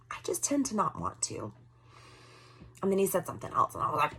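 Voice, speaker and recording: Chatty woman in her forties, lively pitch. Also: brisk, slightly rough. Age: 40s. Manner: chatty and candid, swinging between loud and soft asides. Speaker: vlogger. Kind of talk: casual vlog talk.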